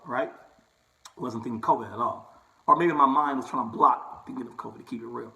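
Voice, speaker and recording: A man's voice: mid-range voice, expressive, brisk, gravelly, bright, forceful tone, rough recording. A young barber talking casually to his viewers, telling a personal story and checking in with "right?" and "okay?" as he goes. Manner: chatty, repeats "right?" and "okay?" often. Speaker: barber and vlogger.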